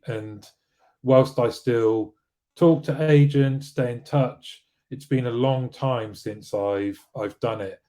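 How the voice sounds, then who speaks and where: A man with a warm, mid-range voice hosts a weekly live show, chatting casually and reading viewer comments. He rambles, often restarting sentences and using fillers.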